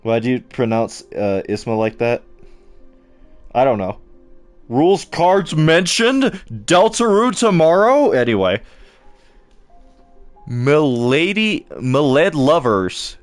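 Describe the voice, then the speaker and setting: Slow-talking young man streaming a game. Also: medium pitch, big pitch swings, no room sound, soft background music. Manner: chatty, talks to chat, stumbles over words. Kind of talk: casual live-stream commentary.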